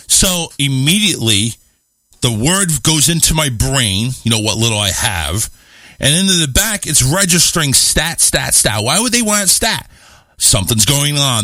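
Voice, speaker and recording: Man, talk-show host, bright voice, dry close sound, animated, swears a lot, self-mocking storyteller. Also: mid-range voice, no echo. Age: adult, married. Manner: animated, swears freely, self-mocking about his health scare. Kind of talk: casual storytelling chat.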